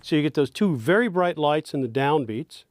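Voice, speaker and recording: This songwriting teacher has a slightly high voice with lively intonation, captured at studio quality with no echo. His lesson on lyric stress and rhythm is slow and explanatory, and he counts out beats and reads sample lines as he goes.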